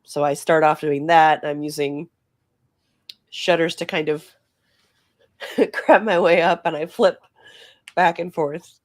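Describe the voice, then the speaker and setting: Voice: mid-range voice, steady tone, takes it slowly, long pauses, no echo, clean studio sound. A player in a tabletop game, describing actions in a rambling, hesitant way full of fillers.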